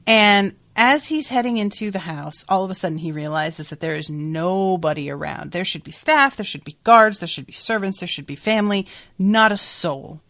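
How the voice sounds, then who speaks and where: A woman's voice: mid-range voice, normal speed, fairly bright tone. A young woman hosting a podcast, recapping a book in a chatty way and swearing freely. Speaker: podcast host.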